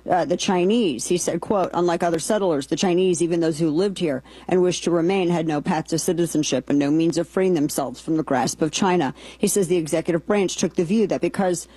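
A woman's voice: fairly low pitch, brisk, few pauses, mellow, breathy edge, no room sound, poor audio. A woman hosting a political talk show, giving emphatic, indignant commentary and reading quotes aloud.

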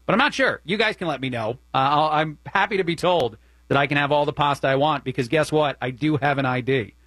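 A man with a New Jersey accent hosting talk radio, his voice sitting a little high. He delivers opinionated commentary in a loose, chatty way, and the studio sound is close and dry. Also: a little fast, a bit bright, dry recording. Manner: opinionated, conversational, many fillers. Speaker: fill-in radio host.

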